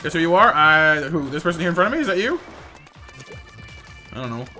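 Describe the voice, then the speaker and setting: A man streaming a game with viewers, chatting casually, stumbling over and repeating words, and now and then yelping in high excitement. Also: a little fast, faint music behind. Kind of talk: casual live-stream chat over gameplay.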